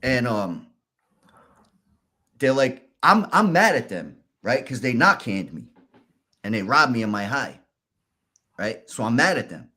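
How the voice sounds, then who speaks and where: A man, a podcast guest, telling his story candidly in a halting, casual way. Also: mid-range voice, big pitch swings, pushed and bright. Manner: candid, halting, restarts and fillers.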